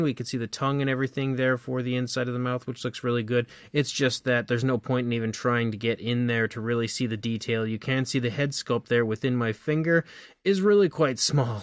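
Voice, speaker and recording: A man's voice: mid-range voice, no room sound. A man hosting a casual toy review, chatty and upbeat, with lots of filler words. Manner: upbeat, chatty, frequent fillers like "again" and "kind of".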